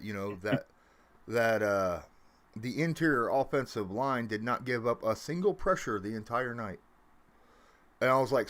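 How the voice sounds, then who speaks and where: This livestream host broadcasts casually from home, wandering through his talk with many fillers. His voice rises and falls in both pitch and volume.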